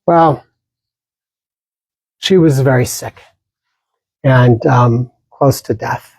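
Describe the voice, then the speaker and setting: Slow, husky-voiced male meditation teacher. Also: medium pitch, no room sound, poor audio. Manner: slow, gentle, pausing, with small restarts. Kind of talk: dharma talk.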